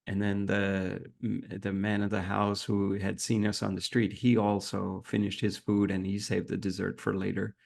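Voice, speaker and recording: Low, gravelly-voiced man telling a story. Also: moderate pace, few pauses. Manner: earnest, reflective, animated when retelling dialogue. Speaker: podcast guest. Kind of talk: reflective storytelling.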